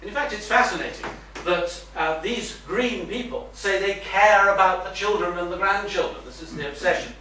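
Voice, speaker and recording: An older man gives an earnest public talk, his tone forceful and a touch high. He drops in wry asides. He stands well back from the mic in a very echoey room with faint noise behind. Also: normal speed, few pauses, far from the mic. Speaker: retired minister giving a talk. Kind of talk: public lecture to a meeting.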